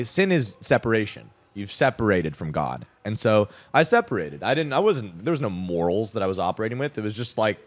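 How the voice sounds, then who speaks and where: A man's voice: on the low side, big pitch swings, a little fast, hardly any pauses, dry recording. A young man in his twenties, a podcast guest, telling a personal story in a loose, rambling way, full of "like" and casual swearing.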